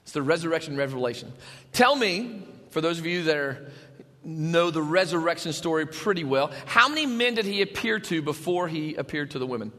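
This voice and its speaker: A man preaching a sermon as pastor, animated, shouting at times and dropping to a hush. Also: a little high, brisk, big-room sound.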